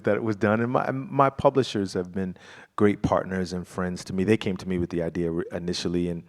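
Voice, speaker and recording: Low-voiced man speaking reflectively. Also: steady tone. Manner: reflective, halting, many fillers and restarts. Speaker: guest performer. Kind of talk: live stage conversation. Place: live event before an audience.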